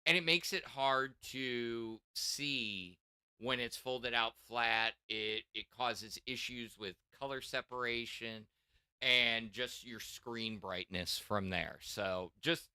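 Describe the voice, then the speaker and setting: A man's voice: medium pitch, slow pace, bright, forceful tone, clean tone, no room sound, studio quality. A middle-aged man hosting a casual tech chat, rambling with many restarts and fillers. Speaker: podcast host.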